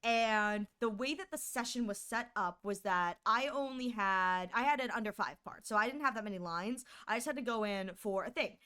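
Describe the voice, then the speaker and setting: A woman streaming into a condenser mic, telling a story in a casual, animated and exasperated way, swinging between quick bursts and drawn-out words. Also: on the high side, smooth. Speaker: streamer and voice actor.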